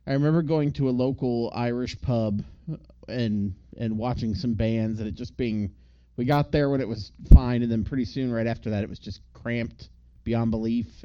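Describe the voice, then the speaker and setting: A man's voice: mid-range voice, warm tone, smooth, highs cut off. Chatty, rambling man on a podcast. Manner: chatty and rambling, with laughs and restarts. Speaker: podcast co-host. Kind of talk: casual podcast chat.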